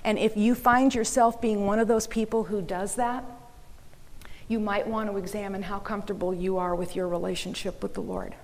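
A woman's voice: medium pitch, steady tone, moderate pace. A woman giving an earnest, emphatic talk to a church audience, sometimes dropping into a mocking whisper. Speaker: speaker. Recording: reverberant hall.

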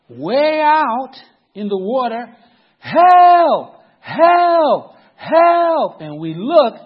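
A man's voice: high voice, slightly rough, muffled recording. A middle-aged man telling a story in a sermon, dramatic and often checking that his listeners are following.

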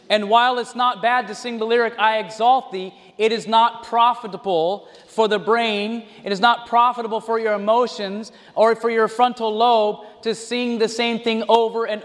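A man preaching a sermon, animated, with mocking asides and mimicry. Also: high-pitched. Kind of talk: sermon with impressions and sung examples. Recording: long hall reverb.

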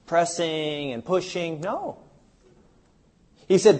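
Man, sermon, husky voice, a touch high, rhetorical questions to the audience. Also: sing-song, unhurried. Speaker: seminar speaker. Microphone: live seminar recording.

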